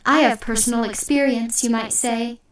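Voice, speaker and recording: A woman voicing a stern older male priest who preaches forcefully to a crowd of townsfolk. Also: on the high side, steady tone, moderate pace, natural voice. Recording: echoey room, distant mic.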